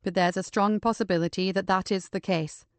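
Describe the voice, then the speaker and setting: A calm female detective, as a woman narrator reads her speaks in a level, firm and reassuring voice. The reading is close and dry. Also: mid-range voice, fairly quick, dry recording, lightly acted.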